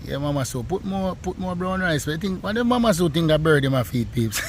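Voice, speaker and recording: A young Jamaican man, playful and teasing, chats through a home cooking video. His voice sits slightly high. A faint hum of background noise runs under the recording. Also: expressive, normal speed. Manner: playful, joking, shouts out to fans. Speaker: co-host, son of the cook. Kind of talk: casual cooking vlog banter.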